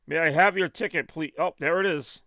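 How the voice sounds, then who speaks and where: A man's voice: on the high side, fairly quick, bright, forceful tone, dry recording, clean studio sound. A man voicing an overly courteous male train steward in a game.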